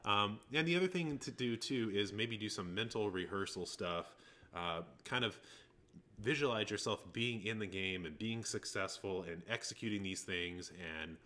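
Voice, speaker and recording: Man, lowish voice, bright and forceful tone, basketball coach, relaxed co-host, casual chat. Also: normal speed. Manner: relaxed, reads listener questions.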